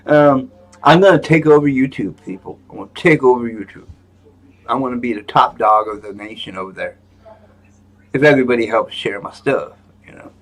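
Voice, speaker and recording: A man's voice: medium pitch, moderate pace, a bit bright. A man hosting a live stream in a rambling, joking manner, with lots of fillers and restarts. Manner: joking, self-mocking. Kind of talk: casual live-stream chat.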